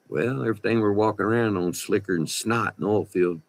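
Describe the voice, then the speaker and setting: A man's voice: lowish voice, moderate pace, creaky, pauses often. A middle-aged man with a West Texas drawl, telling folksy, slangy stories from his oil field days in a casual vlog. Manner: folksy, slangy, laughs between remarks. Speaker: vlogger, former oil field worker. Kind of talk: casual storytelling.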